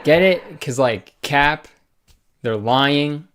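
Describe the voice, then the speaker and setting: A man's voice: a little high, slow, a bit bright, clear, resonant tone. A young man hosting a comedy commentary video, sarcastic and profane with frequent laughter. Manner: sarcastic, swears, laughs often.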